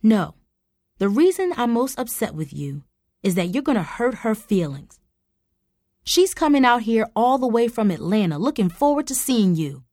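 A woman voicing an angry, exasperated middle-aged mother who scolds loudly. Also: a little high, big pitch swings, normal speed, no room sound, studio quality, pitched above the performer's own voice. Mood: fuming. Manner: scolding, loud and indignant.

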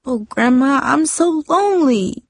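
A woman's voice: a little high, big pitch swings, measured pace, slightly rough, dry recording, studio quality, pitched above the performer's own voice, exaggerated voice. Woman doing a shy, lonely young girl. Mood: pleading. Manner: hesitant, soft and self-doubting.

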